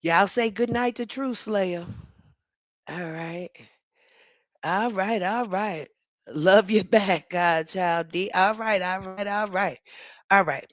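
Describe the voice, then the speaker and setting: A woman's voice: medium pitch, takes it slowly, no echo. A woman, hosting a casual live commentary stream, reading the chat aloud and talking back to it, sassy and laughing often. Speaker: livestream commentary host.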